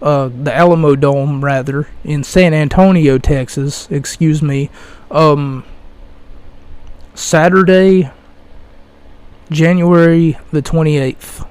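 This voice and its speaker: A young man hosting his own podcast, ranting slowly with mocking scorn and loud bursts of passion. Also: fairly high pitch, fairly even intonation, clear, resonant tone, no room sound. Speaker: podcast host. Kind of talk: solo podcast rant.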